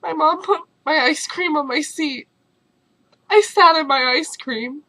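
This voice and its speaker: Young woman vlogger, hoarse from losing her voice, bright and bubbly, dry close sound. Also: high-pitched, measured pace, no echo, low-quality recording. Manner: bubbly, animated storyteller. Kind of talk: casual storytelling vlog.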